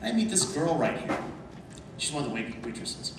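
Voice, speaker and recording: A man telling lively anecdotes to a convention panel audience, often laughing. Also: a little high, a little fast. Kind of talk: storytelling at a panel. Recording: echoey hall from far off, background noise.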